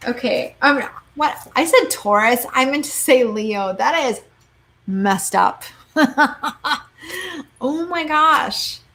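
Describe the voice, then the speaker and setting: A young woman reading tarot cards in a casual live-stream chat, quick and chatty, saying "like" and "okay?" a lot. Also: sits high, animated, sharp tone. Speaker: tarot card reader.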